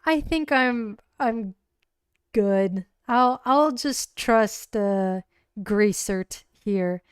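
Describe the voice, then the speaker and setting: Brief: woman plays a celebrity young woman, light, smooth, politely dismissive. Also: mid-range voice, extremely slow, no echo, studio quality. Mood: polite brush-off. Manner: airy, hesitant brush-off. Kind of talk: solo tabletop game role-play.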